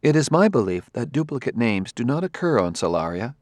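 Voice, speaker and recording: A man voicing a calm, formal male partner who speaks gently and precisely. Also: medium pitch, fairly quick, no room sound, lightly acted.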